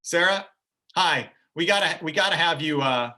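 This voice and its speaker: A man's voice: on the high side, expressive, normal speed, bright, forceful tone. A man hosting a livestreamed game show over a video call, upbeat and jokey.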